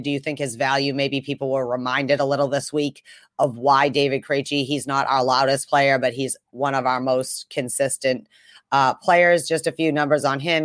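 A woman from the Buffalo area co-hosting a casual sports podcast, talking in a rambling, animated way with frequent laughs and the odd swear word. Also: rumbling low, dry recording, clean studio sound. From Buffalo area, USA. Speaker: podcast co-host.

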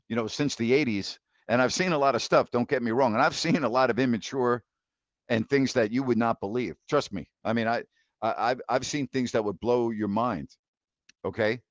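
A man's voice: mid-range voice, dry recording. A man in his fifties hosting a live call-in sports talk show, ranting bluntly with laughs of disbelief and many restarts. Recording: dry, dull lo-fi mic.

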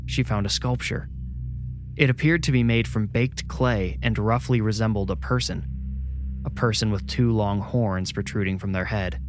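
A man narrating a scripted horror story in a measured, suspenseful way. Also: fairly low pitch.

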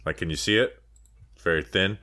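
A man's voice: deep voice, brisk, bright, forceful tone. A man hosting a sports podcast, reading an ad loosely and joking as he goes. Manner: loose, jokey ad-libbing. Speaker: podcast host. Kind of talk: casual podcast chat and ad read.

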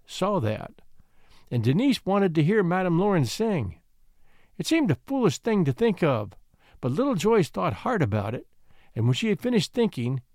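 A man reading a classic storybook aloud with an expressive, sympathetic delivery. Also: fairly high pitch, no room sound, studio quality.

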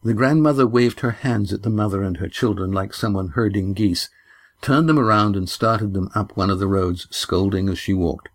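A man narrating an audiobook in a measured storytelling manner. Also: fairly low pitch. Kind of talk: scripted narration.

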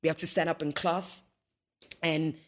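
A young woman, sitting down for an interview and telling her story. She speaks in a slightly low voice, brings the dialogue to life, and breaks into laughter often. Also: little pitch movement, moderate pace. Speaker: interview guest.

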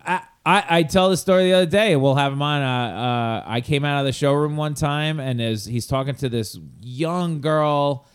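A man's voice: fairly high pitch, smooth. A man with a Long Island accent, a podcast host telling funny dating stories in casual chat. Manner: animated, jokey, quick asides. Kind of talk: casual comedic storytelling.

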